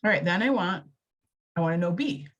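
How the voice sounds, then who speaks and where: A low-voiced woman talks through a math lesson in a relaxed, chatty way. Her voice is a little husky, and she thinks aloud, stops and corrects herself as she works the problems. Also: brisk, dull audio. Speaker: math teacher. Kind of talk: recorded lesson walkthrough.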